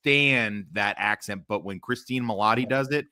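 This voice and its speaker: A man's voice: lowish voice, moderate pace, pushed and bright, dry recording, studio quality. A man hosting a casual watch-along chat, crude and joking, often stalling on fillers.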